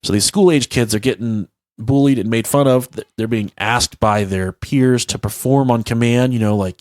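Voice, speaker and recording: A man's voice: on the low side, a little slow, a little mellow, no room sound. A man in his thirties co-hosting a podcast, telling stories in a casual, rambling, profane way. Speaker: podcast co-host.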